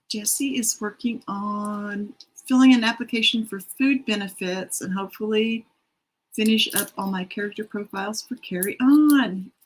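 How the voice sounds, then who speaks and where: A middle-aged woman with a somewhat husky voice hosts a writing sprint from her home. Her talk is casual and rambling, with self-deprecating asides. She speaks in a middle pitch, like someone chatting with viewers. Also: low-quality recording. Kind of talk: casual livestream chat, reading out comments. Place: home room.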